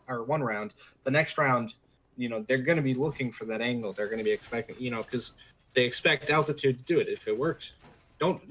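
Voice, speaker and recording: A man giving live color commentary on an esports match, analyzing teams in a relaxed, loose way. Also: medium pitch. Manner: analytical, relaxed, many "you know" fillers. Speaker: esports caster.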